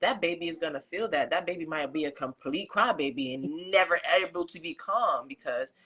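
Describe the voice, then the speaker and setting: A woman hosts a casual podcast chat in a bright, forceful voice. She talks earnestly and stacks repeated phrases to drive her points home. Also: deep voice, a little fast, breathy edge, poor audio. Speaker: podcast host. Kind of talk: casual conversation. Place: indoor room with a fan.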